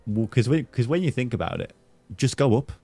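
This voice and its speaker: A man's voice: mid-range voice, a little fast, dark tone, breathy edge, faint music behind. A young man hosting a casual podcast chat, teasing and jokey with his guest. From English Midlands, near Birmingham. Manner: teasing, jokey, laughs often. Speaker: podcast host.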